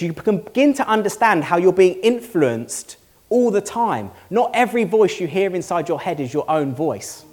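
A man's voice: high voice, animated, normal speed. A male pastor giving a sermon to a congregation, earnest and conversational, asking the room rhetorical questions. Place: church hall before a congregation.

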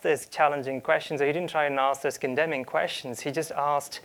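Earnest preacher with a gravelly voice. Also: male voice, on the high side, steady tone, moderate pace, few pauses, fairly bright tone. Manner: earnest, with frequent repeated starts and quoted asides. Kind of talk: sermon.

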